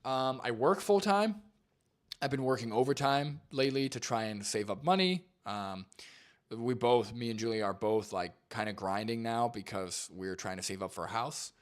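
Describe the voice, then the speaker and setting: A man's voice: medium pitch, expressive, normal speed. A young man hosting a live stream, reacting to a video and answering chat in a laid-back, rambling way full of fillers. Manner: laid-back, filler-heavy, says "like" and "dude" a lot.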